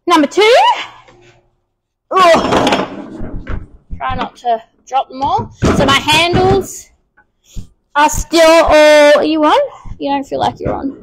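A woman's voice: high voice, slow, long pauses, poor audio. A woman with an Australian accent, out of breath, chatting casually with many ums while restoring furniture on a live stream.

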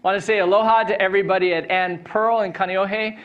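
A man's voice: high voice, fairly even intonation, a little fast, muffled recording. A man preaching an Easter sermon as a pastor, chatty and upbeat, telling a personal story with laughter on stage before a congregation.

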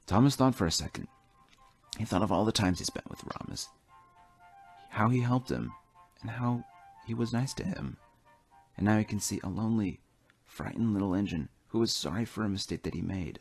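A man narrating a toy train story in an animated storybook manner. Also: on the low side, moderate pace, long pauses, slightly rough, no room sound, soft background music.

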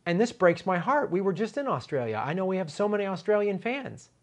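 Indignant high-voiced male commentator. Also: a little fast. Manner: animated, indignant, emphatic repetitions. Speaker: political commentary host. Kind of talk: impassioned political commentary.

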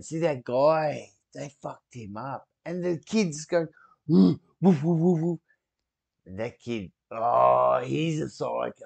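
A man hosting a reaction video, talking casually and excitably and swearing freely as he comments. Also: mid-range voice, creaky.

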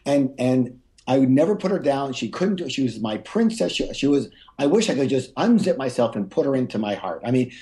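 A man guest on an interview, telling a personal story, often stumbling and restarting and jumping up in pitch when he acts out what was said. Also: fairly quick. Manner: animated, acts out quotes with big pitch jumps. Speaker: guest author.

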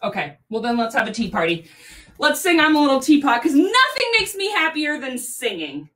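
A woman's voice: high voice, very animated, normal speed, a bit bright. A young woman leading a children's yoga class at home, coaxing and sing-song. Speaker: kids' yoga teacher. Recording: voice a bit far from the mic.

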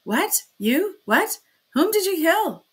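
A flustered, agitated male magistrate from an audiobook, firing sharp exclaiming questions, as a woman reader puts him on. The voice sits fairly high and keeps pushing out loud, insistent demands. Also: expressive, unhurried.

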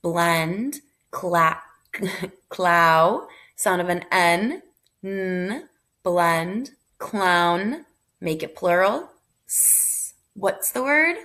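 A woman's voice: on the low side, lively intonation, drawn-out words, pushed and bright. A woman teacher giving a phonics review lesson, sounding out letters one by one and blending them into words, with encouraging praise.

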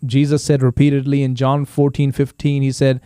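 Animated man telling stories, dark mellow voice. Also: medium pitch, moderate pace, clean tone, dry recording, clean studio sound. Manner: animated storyteller who acts out voices in quotes. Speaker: pastor and show host. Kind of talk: casual podcast chat with storytelling.

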